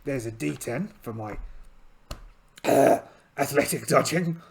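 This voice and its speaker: A man's voice: mid-range voice, takes it slowly, vocal fry. A man playing a solo tabletop game aloud in a chatty, rambling, self-deprecating way. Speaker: solo game player and channel host.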